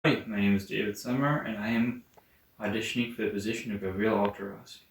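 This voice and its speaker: A man speaking in a rambling, halting way in an amateur comedy skit. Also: on the low side, fairly even intonation, gravelly, slight background noise. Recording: echoey room from far off.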